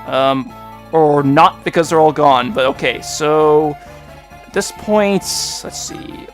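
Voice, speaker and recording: A man with a high, light voice talks through a video game in a loose, rambling let's play style, now and then jumping up with excitement. Faint game music plays softly behind him. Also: slow. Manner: chatty and rambling, with sudden excited outbursts. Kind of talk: casual gameplay commentary.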